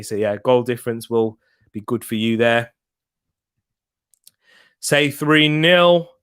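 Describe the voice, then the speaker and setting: A man's voice: medium pitch, fairly bright tone, clear, resonant tone. A young man hosting a live football watch-along, chatting casually and answering viewers' comments by name.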